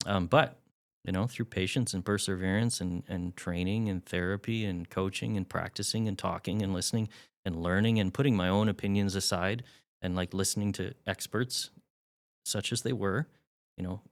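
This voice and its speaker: Deep-voiced middle-aged man telling candid stories. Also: steady tone, moderate pace. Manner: candid, with wry self-deprecating humor. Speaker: podcast guest, father. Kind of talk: candid storytelling in an interview.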